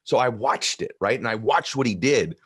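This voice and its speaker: A man in his fifties with a deep voice, telling a personal story in an earnest, heartfelt way during an interview. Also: expressive, normal speed, a bit bright, breathy edge. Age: 50s. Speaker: guest author. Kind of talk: emotional storytelling in conversation.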